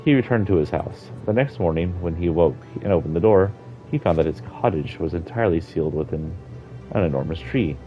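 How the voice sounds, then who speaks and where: A man's voice: low voice, animated, a little fast. A man streaming a game, reading an in-game book aloud casually, with slips and self-corrections. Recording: dull lo-fi stream audio with faint music.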